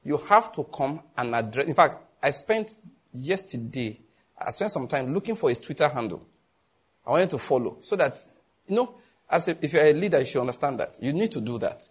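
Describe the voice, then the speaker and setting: Nigerian male preacher, husky high voice, lively storyteller who voices others. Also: fairly quick. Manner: animated storytelling, voicing others in a raised pitch. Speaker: pastor. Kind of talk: sermon.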